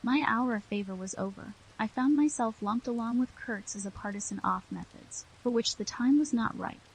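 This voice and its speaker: Husky-voiced woman narrating an audiobook. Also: on the high side, normal speed, poor audio. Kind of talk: first-person literary narration.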